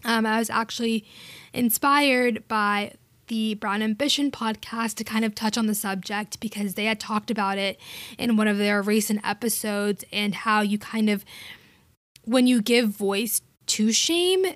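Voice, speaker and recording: A woman's voice: fairly high pitch, unhurried, fairly bright tone, dry recording. Upbeat, chatty woman podcast host. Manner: upbeat and chatty, playful emphasis. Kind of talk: casual podcast chat.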